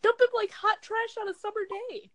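A woman's voice: extremely high pitch, fairly even intonation, fairly quick, no echo, low-quality recording. A young woman in casual chat among friends, giving blunt, joking, slangy advice.

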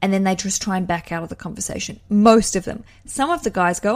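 A woman hosts her own podcast in an easygoing solo chat. She talks in a chatty, self-deprecating way, and her voice sits at a middling pitch for a woman. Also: fairly quick, few pauses. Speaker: podcast host.

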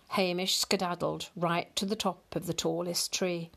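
A woman reading a picture storybook aloud in a slow, expressive storyteller manner. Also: fairly low pitch, creaky.

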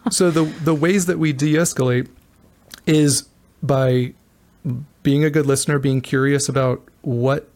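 An earnest man co-hosting a relationship talk show. He speaks at a middle pitch in a relaxed, conversational way. When he quotes an upset partner, his voice jumps higher for a moment. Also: unhurried. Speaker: relationship podcast co-host. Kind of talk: casual advice chat.

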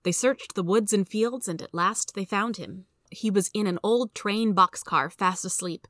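A woman hosting a reading podcast, reading a story aloud in a steady, clear storytelling manner. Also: medium pitch, unhurried, no room sound, studio quality. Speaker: host and reader.

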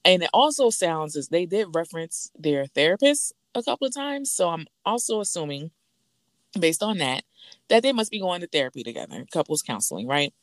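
Woman riffing on a podcast, low-pitched voice, jumps way up when she acts out quotes, dry close sound. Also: big pitch swings, fairly quick, no room sound. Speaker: podcast co-host. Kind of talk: casual chat about a reality show.

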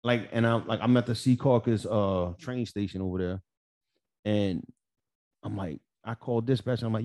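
A man's voice: lowish voice, moderate pace. Profane New man telling stories. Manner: profane, animated, acts out dialogue. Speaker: podcast co-host. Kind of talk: casual storytelling chat.

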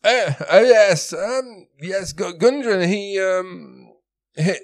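Man doing a raised-pitch knight, stumbling and anxious. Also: animated, heavily acted. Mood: flustered. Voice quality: halting, stammering.

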